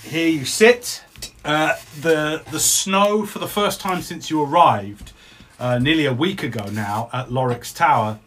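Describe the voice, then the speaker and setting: A man's voice: fairly high pitch, measured pace, a bit bright, a little hiss or hum. A man serving as game master for his children, narrating their tabletop adventure in a loose, joking way and laughing easily.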